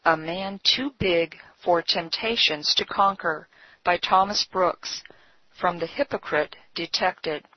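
Slow, husky woman reading solemnly. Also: fairly low pitch, no echo. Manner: slow, measured, solemn cadence. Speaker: devotional reader. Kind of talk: scripted devotional reading. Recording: dull lo-fi recording.

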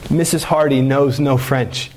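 A man voicing a polite, quietly cutting officer in a retold story, courteous and dry. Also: medium pitch, fairly even intonation, a little slow, natural voice, rough recording. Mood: dryly polite.

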